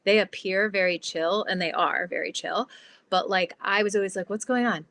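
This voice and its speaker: A woman guest on an interview podcast, explaining her ideas in a lively, chatty way with lots of "like". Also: mid-range voice, moderate pace, slight background noise. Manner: animated, explanatory, fillers like "like". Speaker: guest, transformation guide.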